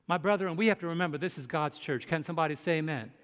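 A male pastor preaches a sermon in a high voice, pressing his points hard and throwing rhetorical questions at the congregation. His voice carries a long reverb from a large hall. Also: quick pace, few pauses.

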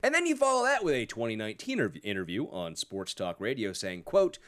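A man's voice: on the low side, big pitch swings, fast, fairly bright tone, smooth. A man hosting a podcast, giving sarcastic, profane political commentary in a mocking tone. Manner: sarcastic, swears a lot, mocking. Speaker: podcast host.

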